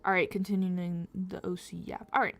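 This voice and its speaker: A woman's voice: fairly low pitch, level tone, normal speed. A young woman with a slight Southern US accent, chatting casually to her stream while she draws, rambling, giggly and self-correcting. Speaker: drawing livestreamer. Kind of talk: casual chat while drawing.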